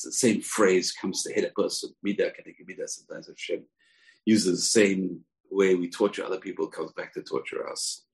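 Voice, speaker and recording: A man teaching the weekly Torah portion in a low, gravelly voice. He tells the story with energy, acts out each quote, and often stops on a filler.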